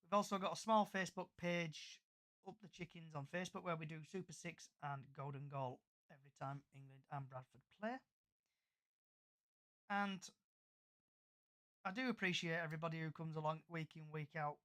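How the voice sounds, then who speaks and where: A man's voice: on the high side, normal speed, long pauses, fairly bright tone. A man hosting a casual football podcast, chatty and moving the talk along with questions. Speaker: podcast host.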